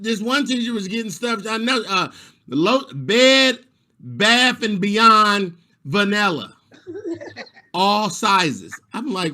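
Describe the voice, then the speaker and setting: A middle-aged man performing a stand-up comedy set over a video call, animated and quick to slip into high voices. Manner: animated, jumps into high squeaky voices for teachers.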